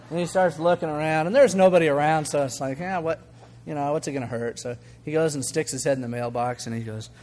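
An older man preaching a sermon as a pastor, talking conversationally and acting out the voices in his stories. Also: fairly high pitch. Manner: conversational, animated, acts out quoted voices, chuckles. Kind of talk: sermon with storytelling.

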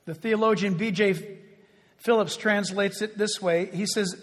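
Husky, high-pitched male pastor, lively sermon storyteller, echoey hall. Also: measured pace. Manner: animated storytelling, chuckling asides.

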